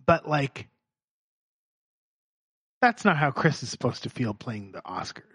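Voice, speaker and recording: A man's voice: mid-range voice, big pitch swings, unhurried, fairly bright tone, husky, no room sound. A man co-hosting a casual comedy chat, laughing often and chiming in with short remarks. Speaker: podcast co-host.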